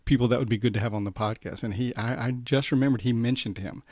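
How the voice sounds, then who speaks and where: A podcast host talks in an easy, conversational way, often restarting his sentences. His voice sits at an ordinary man's pitch, and the sound is dry and close. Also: fast, no echo. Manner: relaxed, conversational, many restarts. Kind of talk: casual chat.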